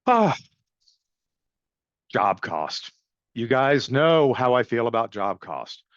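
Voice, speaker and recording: A man's voice: medium pitch, big pitch swings, takes it slowly, dry recording, muffled recording. A middle-aged man giving a webinar presentation as a pricing consultant, speaking in a blunt, emphatic coaching manner and checking in with "right?" and "okay?".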